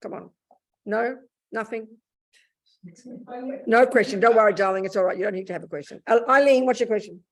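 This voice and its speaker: An older woman giving a Buddhist dharma talk, blunt and animated, calling her listeners darling and sweetheart. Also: a little high, brisk, pauses often. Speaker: Buddhist teacher.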